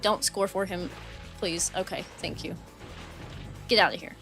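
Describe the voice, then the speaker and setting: A young woman streaming live gameplay, chatting along and breaking into loud frustrated outbursts at the game. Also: on the low side, fairly even intonation, unhurried, creaky, faint music behind.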